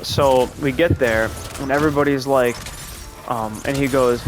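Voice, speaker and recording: A man's voice: mid-range voice, steady tone, normal speed. A young man with a mid-range voice chats through a gameplay session, drifting between game moves and long, rambling anecdotes. His talk is loose and laid-back, with frequent swearing, over a noisy background. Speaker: gameplay commentator. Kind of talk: casual gameplay commentary with storytelling.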